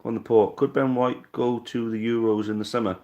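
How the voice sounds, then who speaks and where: A man's voice: mid-range voice, steady tone, a little fast, dark tone, muffled recording. A man from Wales hosting a casual live fan stream, reading out viewer comments and answering them bluntly, with casual swearing.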